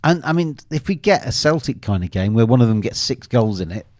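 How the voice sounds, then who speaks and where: A man's voice: mid-range voice, sing-song, a little fast, darkish tone, dry recording, studio quality. A man hosting a live football betting show, commenting on a match and teasing his co-host while reading viewer comments aloud.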